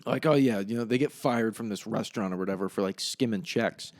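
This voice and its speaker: This young podcast host talks alone, swearing and wandering off track as he recounts a movie, chuckling at his own retelling. He has a lowish voice and a fairly quick delivery.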